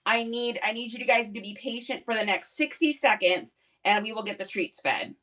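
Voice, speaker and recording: A woman hosting a casual live stream, bubbly and excitable, talking into a phone. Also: normal speed. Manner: bubbly, excitable, high-energy. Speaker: live-stream reseller host.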